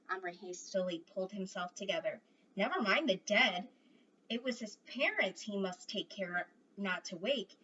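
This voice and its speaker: A woman reading a children's novel aloud in an expressive, varied way. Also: medium pitch, moderate pace. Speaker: reader. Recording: distant dull mic with faint noise.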